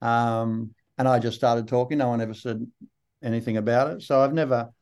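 An older Australian man with a broad accent, a guest actor telling unhurried, rambling stories in an interview. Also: medium pitch, fairly even intonation, a little mellow. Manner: unhurried, rambling storyteller with many fillers. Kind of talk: relaxed interview anecdotes.

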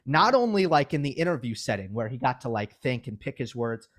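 A man's voice: mid-range voice, sing-song, a little fast, a bit bright. A man co-hosting a sports recap podcast, chatting casually in an emphatic, teasing way. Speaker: podcast co-host. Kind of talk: casual chat.

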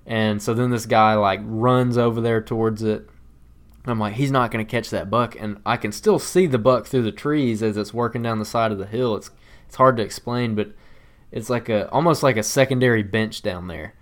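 A man co-hosting a podcast, telling a story in casual chat in a rambling, animated way with frequent laughs. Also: lowish voice, normal speed. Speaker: podcast co-host.

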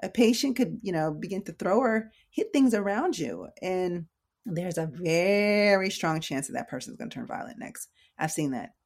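A woman's voice: lowish voice, darkish tone. A woman emergency room nurse giving casual, conversational advice, slangy and direct with her listeners. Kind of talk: casual educational talk.

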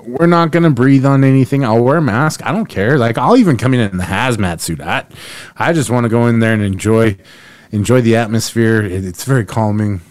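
A man's voice: medium pitch, brisk, darkish tone, dry recording. A man co-hosting a casual sports podcast, talking in a rambling, jokey way with restarts. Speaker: podcast co-host.

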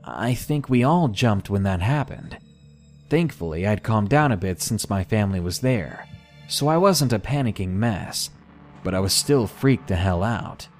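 A man narrating a scary first-person story for a podcast, measured and deliberate. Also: lowish voice, expressive, a little mellow, faint music behind. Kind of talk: scripted horror story narration.

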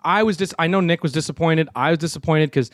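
A man hosting a casual chat, telling a story in an animated way, acting out quotes and swearing freely. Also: fairly high pitch, fast, no room sound, clean studio sound. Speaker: show host telling a story.

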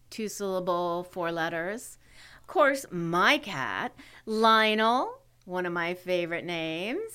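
A woman's voice: lowish voice, fairly bright tone, clear, resonant tone. A middle-aged woman co-hosting a podcast in casual chat, playful and teasing, laughing often. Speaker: podcast co-host.

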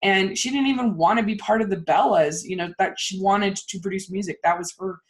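A woman co-hosting a casual movie review chat, ranting in animated, fast bursts. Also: mid-range voice. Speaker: podcast co-host.

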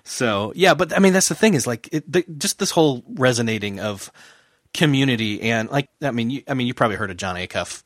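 A man hosting a casual podcast conversation, talking in a halting, earnest way that keeps circling back to his point. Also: medium pitch, expressive, no echo, studio quality.

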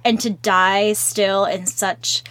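A woman co-hosting a podcast in casual chat, with vocal fry. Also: medium pitch, fairly even intonation, takes it slowly, a crowd in the background. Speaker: podcast co-host.

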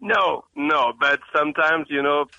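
Frenchman calling in, bright tone. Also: fairly high pitch, measured pace, muffled recording. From France. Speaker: caller, restaurant owner. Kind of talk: call-in radio chat.

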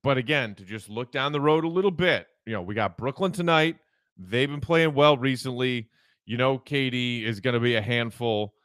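A man hosts a solo sports podcast with a mid-pitched voice, animated and opinionated, often restarting his sentences. The sound is dry and close to the mic. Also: normal speed, dry recording. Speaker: podcast host.

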